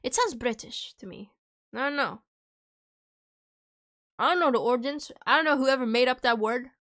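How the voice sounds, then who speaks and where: A woman's voice: high voice, expressive, moderate pace, fairly bright tone. Rambling young woman streamer, chewing candy. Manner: rambling, joking, chewing candy while talking. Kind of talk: casual livestream chat.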